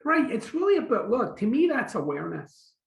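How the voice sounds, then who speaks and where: A Scottish man with a fairly high, gravelly voice talks as a guest in an echoey room. He speaks casually and animatedly, slipping into short acted-out quotes. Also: brisk. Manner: animated, acts out little quotes. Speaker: author and guest. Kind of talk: casual conversation.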